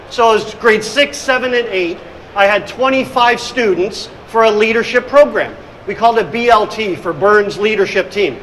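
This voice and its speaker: This is a high-pitched, fairly bright male voice on a low-quality recording with slight background noise. The speaker is a middle-aged hospitality consultant presenting on hospitality leadership at a conference room event, energetically telling stories and acting out scenes.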